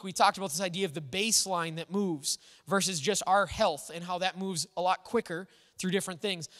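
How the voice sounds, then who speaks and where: This sermon comes from a pastor whose high voice sounds bright and forceful. He talks earnestly and conversationally, frequently starting over, and a long hall echo fills the recording.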